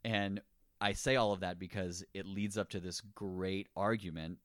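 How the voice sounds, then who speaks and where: A man's voice: deep voice, fairly even intonation, no room sound, studio quality. A man co-hosting a casual chat about a film, laid-back and acting out bits of dialogue. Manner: laid-back, acts out lines in quick voices. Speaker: podcast co-host.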